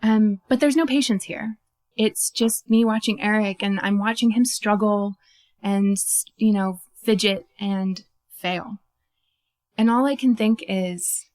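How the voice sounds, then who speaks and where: A woman telling a first-person story on stage, animated and self-mocking, with lots of "like" and quick laughs at herself. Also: mid-range voice. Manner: laughs at her own story.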